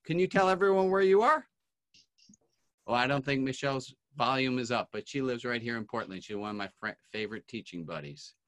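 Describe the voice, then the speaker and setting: A man's voice: mid-range voice, fairly quick, a bit bright. A man hosting an online class, calling on each guest by name in a friendly, casual way over a video call. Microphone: computer mic on a video call.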